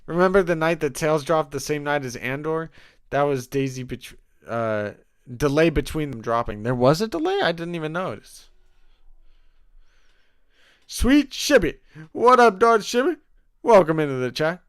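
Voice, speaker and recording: A man hosting a casual live watch-along stream, cheering loudly and greeting chat viewers. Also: a little high, very animated, normal speed, long pauses, smooth, dry recording, studio quality. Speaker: livestream host.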